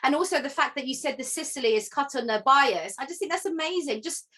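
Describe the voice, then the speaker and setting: A woman's voice: high voice, animated, fast talker, bright, forceful tone. A woman interviewing a guest in a casual chat, asking friendly, encouraging questions with plenty of fillers.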